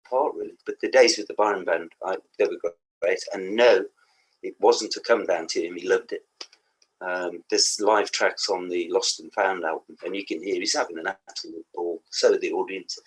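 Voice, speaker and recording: Husky-voiced Black Country man telling stories. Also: low voice, a bit bright, rough recording. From England. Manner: rambling anecdotes with laughs and asides. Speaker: guest musician. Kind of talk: casual podcast interview.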